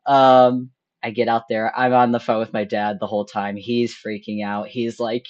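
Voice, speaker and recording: A young woman hosting a charity stream, telling a story in casual chat, animated and laughing often as she acts out her own thoughts. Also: a bass voice, slow pace, highs cut off.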